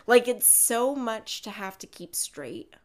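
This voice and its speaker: A woman's voice: a little high, slow pace. A woman co-hosting a podcast, chatting casually about a film and acting out lines from its scenes. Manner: animated, acts out quotes from scenes. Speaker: podcast co-host.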